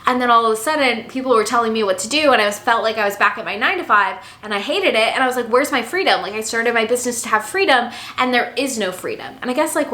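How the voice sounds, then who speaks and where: Bright, animated young woman vlogging. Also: fairly high pitch. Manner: animated, expressive, acts out quotes. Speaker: business coach vlogger. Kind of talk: casual storytelling to camera. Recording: echoey room.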